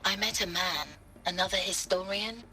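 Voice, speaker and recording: An actress playing an earnest art historian. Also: female voice, mid-range voice, fairly even intonation, normal speed, sharp tone, soft background music, natural voice. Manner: earnest, questioning, solemn. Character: earnest female art historian, troubled and idealistic. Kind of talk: game audio log.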